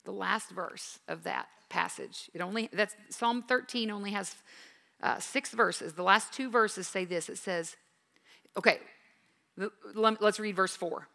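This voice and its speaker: Earnest woman in her fifties, bright voice. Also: medium pitch, measured pace, vocal fry. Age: 50s. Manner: earnest, emphatic, swings from quiet to intense. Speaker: Bible teacher. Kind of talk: devotional teaching. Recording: reverberant hall.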